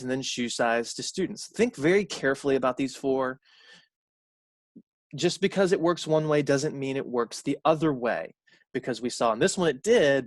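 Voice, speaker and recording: A man's voice: medium pitch, no room sound. Dry-sounding college math lecturer, man. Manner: conversational, repeats key points, corrects himself aloud. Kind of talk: recorded lecture.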